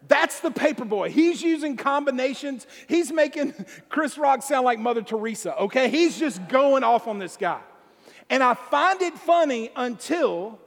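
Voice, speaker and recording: A man speaking to a congregation, telling a comic story in a lively way and laughing along as he goes. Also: extremely high pitch, vocal fry, big-room sound. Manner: animated, laughs through his own story. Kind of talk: comedic storytelling sermon.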